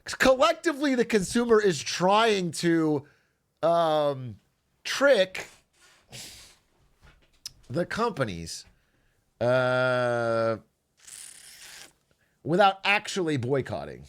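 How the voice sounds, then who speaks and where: A man's voice: a little high, very animated, drawn-out words, pauses often. A young man chatting casually on his stream, sarcastic and laughing often.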